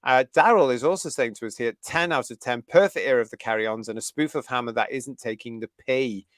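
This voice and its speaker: A man's voice: mid-range voice, brisk, a bit bright, no room sound, studio quality. Chatty British man hosting a live stream. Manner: chatty and enthusiastic, laughing often. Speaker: host of a fan review livestream. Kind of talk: live stream chat, reading viewer comments.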